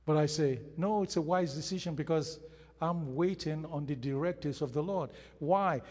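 A male pastor delivering a sermon in a fairly high, husky voice, taking his time over each phrase. He stresses points by repeating them and acting out the quotes he reads. His voice rings with the long reverb of a church hall. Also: normal speed, a little mellow. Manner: emphatic preaching with repeated phrases and acted-out quotes.

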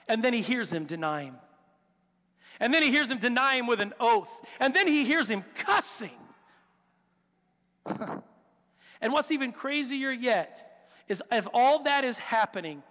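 A man preaching a sermon, telling the story with animated, acted-out quotes and rhetorical questions. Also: very high-pitched, measured pace, long pauses. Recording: long hall reverb.

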